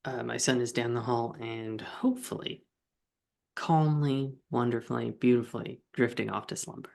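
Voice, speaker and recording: A man's voice: mid-range voice, normal speed, creaky, a little mellow. A man co-hosting a casual comedy podcast, playful and jokey with theatrical flair. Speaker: co-host.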